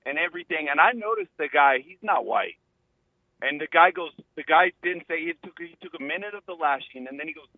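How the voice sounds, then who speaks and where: A man's voice: fairly high pitch, fairly quick, no echo. A man from California calling in to a show, telling a story in a rambling way and acting out the quotes. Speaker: caller. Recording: tinny phone line.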